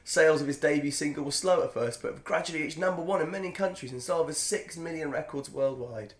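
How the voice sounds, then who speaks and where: A man's voice: fairly high pitch, fast, echoey room. Jokey man reading aloud. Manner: jokey, digressive, laughs often. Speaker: podcast co-host. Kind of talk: casual chat reading aloud.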